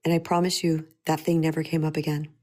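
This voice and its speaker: A woman's voice: sits low, flat delivery, quick pace, mellow. A middle-aged woman speaking as a spiritual empowerment coach, earnest and emphatic, often repeating her key phrases. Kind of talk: motivational talk.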